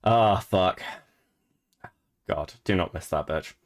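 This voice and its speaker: A man's voice: sits low, takes it slowly. A man in his thirties co-hosting a stream, chatting casually and bluntly about online drama, swearing freely and laughing often. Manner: reads messages aloud in a mocking tone. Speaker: streamer and co-host.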